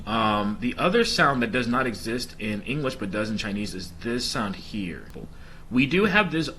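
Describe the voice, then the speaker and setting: A man's voice: on the low side, very animated, moderate pace, sharp tone, slight background noise. A man casually explaining his language study plan and pronunciation practice to viewers, with chatty filler ums. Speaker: language learner vlogger.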